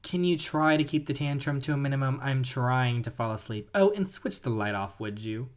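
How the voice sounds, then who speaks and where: A man's voice: mid-range voice, moderate pace, natural voice. A man reads out a smug young husband from a choose-your-story game. The husband teases in a dry, mocking tone. The voice sits mid-range.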